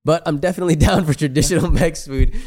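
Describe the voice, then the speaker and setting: A man's voice: fairly high pitch, quick pace, a crowd in the background. A young man co-hosting a casual podcast, laid-back and laughing often as he reads out comments, swearing freely. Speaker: podcast co-host. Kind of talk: casual chat reading comments.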